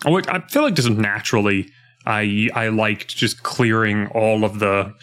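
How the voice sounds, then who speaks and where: Young guy on a gaming podcast, animated, jumps way up when he quotes characters. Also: fairly low pitch, a little slow. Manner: animated, acts out game lines in a jumpy voice. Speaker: podcast co-host. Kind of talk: casual chat about a video game.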